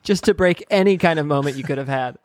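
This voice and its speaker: A man's voice: fairly high pitch, quick pace, dry recording, clean studio sound. A man co-hosting a podcast in casual chat, making wry, joking asides. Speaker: podcast co-host.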